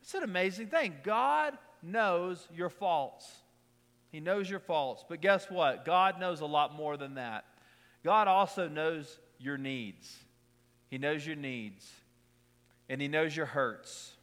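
A man with a high voice preaches a conversational sermon, driving his points home by repeating short lines. He is middle-aged and slips easily into casual personal anecdotes. His voice carries a long reverb tail, as if he is in a large sanctuary. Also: lively intonation, slow, a bit bright. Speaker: pastor.

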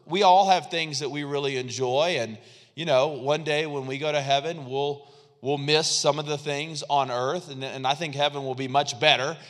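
High-voiced preacher in a reverberant hall. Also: male voice, fairly even intonation, moderate pace, a bit bright. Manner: conversational preaching with repetitions and audience call-and-response. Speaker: pastor. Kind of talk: sermon.

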